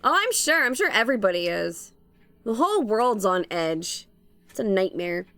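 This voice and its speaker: A young woman streamer with vocal fry, chatting playfully while she draws and laughing often. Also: medium pitch, big pitch swings, moderate pace, fairly bright tone, no room sound, faint music behind. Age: young adult. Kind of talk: casual stream chat while drawing.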